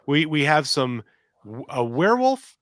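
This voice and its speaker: Speaking a little slowly in a fairly high voice, a middle-aged man co-hosts a podcast in clean studio sound without room echo. His long stories ramble, and he livens them up by performing voices, quotes and sounds.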